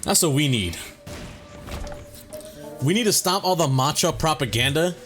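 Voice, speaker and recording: A man's voice: a little high, expressive, measured pace, fairly bright tone, soft background music. A young man ranting casually to his viewers as a vlogger, exasperated and emphatic, swearing often and using slang.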